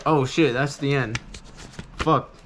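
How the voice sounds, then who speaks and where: A man's voice: mid-range voice, fairly even intonation, takes it slowly, noisy background. A young man casually reviewing a manga, rambling and swearing loosely in a laid-back way.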